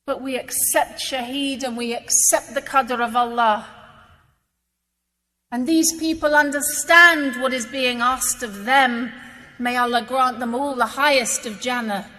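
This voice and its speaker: A woman's voice: fairly high pitch, pushed and bright, long reverb tail. A woman giving an emotional religious talk, telling a personal story in an earnest, heartfelt way.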